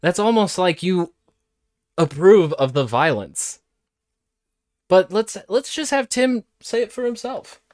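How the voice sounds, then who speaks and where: A man's voice: high voice, sing-song, slow pace, long pauses, a little mellow, no room sound, clean studio sound. A man hosting a podcast, commenting sarcastically on played clips in a casual way. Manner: sarcastic, mocking impressions. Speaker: podcast host.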